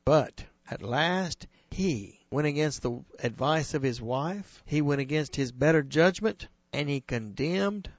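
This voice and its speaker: An earnest man preaching, stressing key phrases and drawing them out slowly. His voice sits a little high. The recording is dry and close, with a dull, lo-fi tone. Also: lively intonation, dry recording. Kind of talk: sermon retelling scripture.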